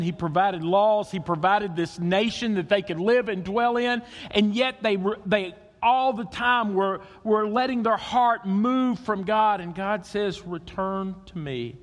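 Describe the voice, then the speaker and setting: A man preaching a sermon as pastor, swinging between loud emphasis and hushed, intimate tones. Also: high-pitched, unhurried, long reverb tail.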